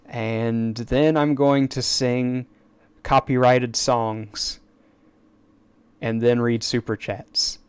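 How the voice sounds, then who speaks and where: A man voicing a cheery little male VTuber mascot in a soft, low, self-promoting way during a casual stream. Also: little pitch movement, drawn-out words, clean tone, no echo. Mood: self-satisfied. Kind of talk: playful character voice on a stream.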